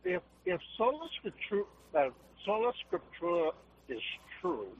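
A man phones in a wry question, talking hesitantly. His voice sits high and moves about, with a faint hum behind it. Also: wildly swooping pitch, normal speed, gravelly, narrow, tinny audio. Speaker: caller. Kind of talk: phone call.

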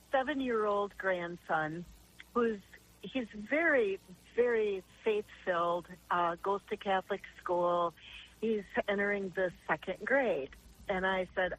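A woman's voice: mid-range voice, slow, fairly bright tone, rough recording. Chatty grandmother calling in by phone. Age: older. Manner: chatty, earnest storytelling with many restarts. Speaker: caller. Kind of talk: call-in radio question.

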